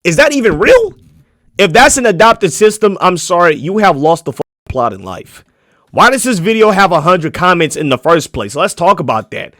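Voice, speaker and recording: Loud, mocking young male streamer. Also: sits high, sing-song, normal speed, dry recording, clean studio sound. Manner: loud, profane, mocking, swings into shouts. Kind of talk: casual reaction stream.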